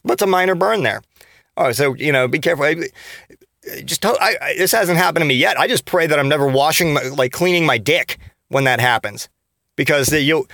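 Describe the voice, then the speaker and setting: In a creaky, slightly bright voice of medium pitch, a podcast host rants at a moderate pace through a comedic monologue. It's profane and sarcastic, full of restarts and trailing asides, with no room sound.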